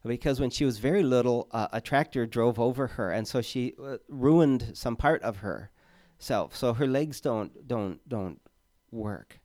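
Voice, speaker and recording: Mellow-voiced man preaching a halting sermon. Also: mid-range voice, dry recording, studio quality. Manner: halting, with frequent fillers and repeated words. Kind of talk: conversational sermon.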